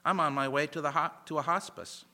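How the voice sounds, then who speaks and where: A man reading aloud the quiet lines of a frail elderly woman in her eighties from a story in his sermon. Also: on the high side, fairly even intonation, a little fast. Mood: gentle.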